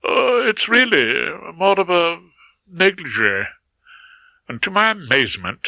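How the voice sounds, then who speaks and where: A man's voice: medium pitch, sharp tone, no echo, low-quality recording. A man reading a first-person audiobook with wry, dry humour. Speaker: audiobook narrator.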